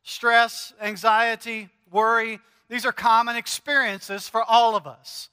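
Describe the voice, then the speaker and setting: Man, middle-aged, pastor, conversational sermon, high voice, bright tone. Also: little pitch movement, clear, resonant tone, long reverb tail. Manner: conversational, joking preaching with quick paraphrased quotes. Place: large church hall.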